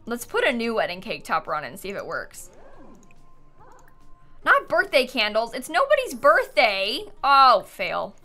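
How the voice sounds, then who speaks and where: A young woman chats playfully while she streams a life-sim game, laughing often and teasing her characters. Her voice is bright and fairly high, with a lively, bouncing pitch. Soft game music plays behind her. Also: moderate pace. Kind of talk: casual live-stream chat. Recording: faint background game music.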